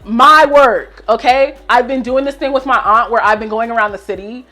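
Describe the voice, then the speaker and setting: A young woman vents a storytime grievance to her followers, her voice sitting a little high. She talks in animated bursts and swears freely. Quiet music plays faintly behind her. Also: moderate pace. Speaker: vlogger. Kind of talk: storytime rant.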